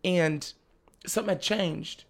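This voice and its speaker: Gravelly-voiced young man telling a story. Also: high-pitched, slow pace. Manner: animated, acts out family members' lines; laughs often while talking. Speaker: podcast guest. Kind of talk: casual storytelling chat.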